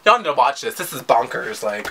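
A man's voice: medium pitch, big pitch swings, brisk, creaky, sharp tone, slight background noise. A man hosting a reaction video, reacting campily and exclamatorily to a music video, full of profane gushing. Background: music video playing.

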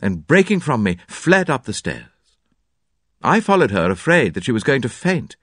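A man narrating a classic detective story with an expressive, varied delivery. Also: medium pitch, moderate pace, breathy edge, no echo, clean studio sound. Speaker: audiobook narrator.

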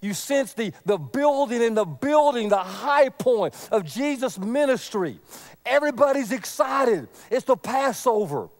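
A man preaching a sermon, earnest, swinging from loud emphasis to a near whisper. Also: extremely high pitch, very animated, unhurried. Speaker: pastor.

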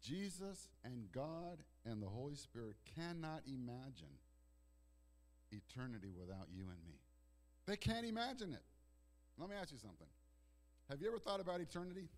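Man preaching with dramatic loud-soft swings. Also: medium pitch, very animated. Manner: dramatic swings between loud declarations and hushed, slow passages; repeats words and restarts phrases. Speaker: pastor. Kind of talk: sermon. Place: church sanctuary.

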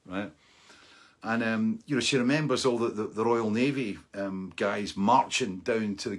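A middle-aged man hosting a live-streamed show, telling a rambling, animated anecdote with frequent laughs and asides. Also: lowish voice, husky. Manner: rambling and animated, laughing often and tagging lines with "right?". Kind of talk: casual anecdotal storytelling.

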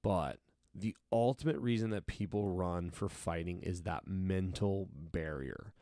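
A man's voice: low-pitched, measured pace, no room sound, studio quality. A man coaching fighters, telling long casual stories and acting out what he and others said. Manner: animated, acts out quotes of himself and others. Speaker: combat sports coach. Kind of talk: casual storytelling in an interview.

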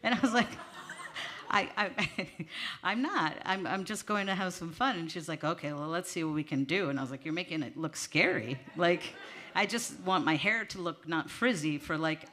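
A woman's voice: lowish voice, normal speed, bright, forceful tone. A woman doing a stand-up comedy set on a small theater stage, talking in a chatty, self-mocking and slightly nervous way into a stage mic. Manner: nervous, chatty, laughing at herself. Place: small theater stage before a live audience. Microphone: handheld stage mic.

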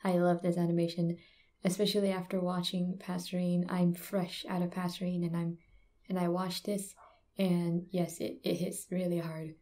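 A woman's voice: lowish voice, moderate pace. A young woman in college, reacting to an animation with gasps and exclamations, then chatting casually to her viewers. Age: young adult. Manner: excitable, gasping and exclaiming, then rambling. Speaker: reaction video host.

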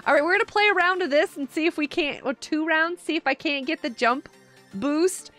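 Chatty high-voiced woman streaming a game. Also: a little fast, fairly bright tone, soft background music. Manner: chatty, giggly, reads and answers chat. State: tired. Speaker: live streamer. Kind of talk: casual gaming live stream chat.

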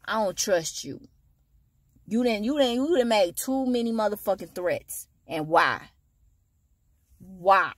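A woman vents at home in a heated, profane monologue full of blunt slang. Her voice swings up into loud, high-pitched bursts, and the sound is dry and close. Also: no room sound. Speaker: vlogger. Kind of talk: ranting monologue to camera.

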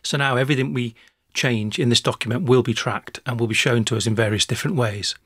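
A man narrating a screencast software tutorial, talking through each step in a relaxed way with small restarts. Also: medium pitch, fast talker, husky, dry recording, clean studio sound.

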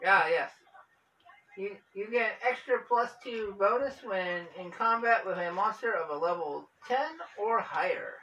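A man's voice: high-pitched, measured pace, pushed and bright, a little hiss or hum. A man playing a card game with family, joking wryly, swearing casually and reading cards aloud. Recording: distant room mic.

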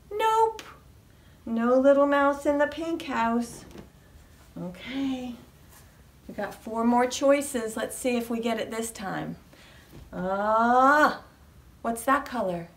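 A woman with a New England accent leading a preschool storytime at a library, animated and sing-song, with high squeals on reveals. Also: takes it slowly, pauses often. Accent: New England American. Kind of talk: preschool storytime with rhymes and songs. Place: library room. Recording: echoey room, mic at a distance.

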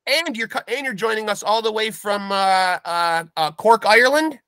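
A man's voice: high-pitched, moderate pace, pushed and bright, clear, resonant tone, no echo. A man hosting a comedic podcast with hammy, bombastic showman patter. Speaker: podcast host.

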